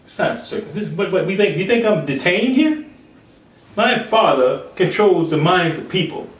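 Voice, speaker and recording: High-pitched preacher guy, roomy echo, acts out the quotes in voices. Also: very animated, moderate pace, recorded from a distance. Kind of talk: sermon.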